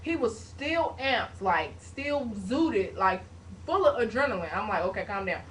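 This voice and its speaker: A young woman vlogger telling a story to a webcam at home in a lively, casual way, with sound effects like "boom" and "bam". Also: measured pace. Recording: distant webcam mic, faint hiss.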